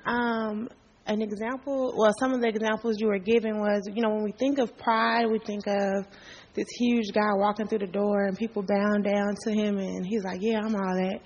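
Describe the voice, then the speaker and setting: A woman's voice: medium pitch, level tone, moderate pace, big-room sound, dull audio, a little hiss or hum. A woman sharing a hesitant, casual testimony with a church group.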